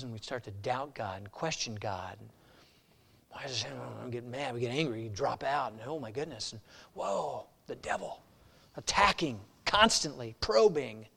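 High-voiced preaching man. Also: in a large hall. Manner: emphatic preaching, swinging between loud and hushed. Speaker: pastor. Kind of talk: sermon.

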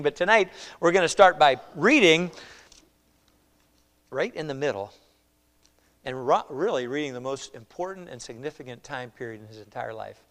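Male pastor, slightly high voice, informal preaching style, shifts from loud to soft. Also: expressive, a little fast. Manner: conversational, asks "all right?" often, swings from loud to quiet. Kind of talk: sermon. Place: church.

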